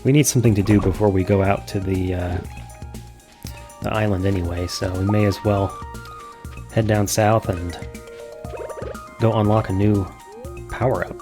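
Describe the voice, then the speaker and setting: A man's voice: fairly low pitch, fairly even intonation, moderate pace, long pauses, dark tone, faint music behind. A man giving casual, profane, self-mocking let's-play commentary as he plays a farming game. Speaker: gaming streamer.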